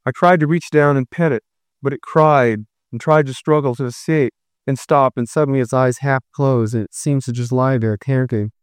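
A man narrating a first-person story in a steady, measured reading voice. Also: mid-range voice, smooth, no room sound, clean studio sound.

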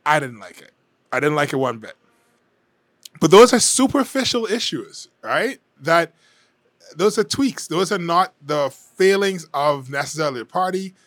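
A man giving his frank, conversational take on an election campaign, often hedging and pausing to think. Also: a little high, very animated, fairly bright tone, no echo, clean studio sound. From Bahamas. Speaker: political commentator. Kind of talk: casual opinion monologue.

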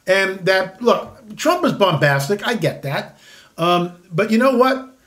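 High-voiced man in his sixties, opinionated. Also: very animated, slow pace, fairly bright tone. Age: 60s. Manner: rambling, with frequent restarts and repeated words; emphatic, disclaiming. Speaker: commentary show host. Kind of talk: opinionated casual commentary.

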